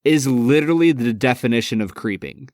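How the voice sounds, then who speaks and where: A man's voice: mid-range voice, lively intonation, fairly quick, darkish tone, dry recording, clean studio sound. A man co-hosting a casual podcast, talking enthusiastically and laughing often. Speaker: podcast co-host. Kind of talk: casual chat.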